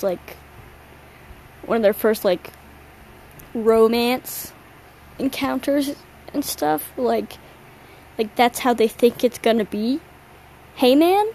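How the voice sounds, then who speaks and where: A woman's voice: fairly high pitch, darkish tone, slight background noise, rough recording. A young woman hosting a solo podcast late at night, tired and yawning, rambling in a slangy, self-mocking way. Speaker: podcast host. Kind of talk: casual solo chat.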